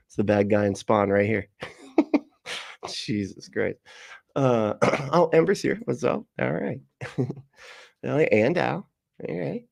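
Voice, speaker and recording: A man's voice: lowish voice, creaky, dry recording, studio quality. A man hosting a casual reaction livestream, laughing often, greeting chat viewers and making sarcastic remarks. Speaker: livestream host reacting to a video.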